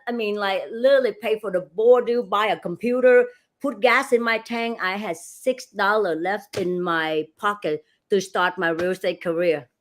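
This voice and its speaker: A middle-aged woman guest telling lively stories in an interview. She acts out the dialogue, laughs often, and speaks with non-native grammar. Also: medium pitch, normal speed. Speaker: real estate broker and franchise owner, guest. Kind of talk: animated storytelling in an interview.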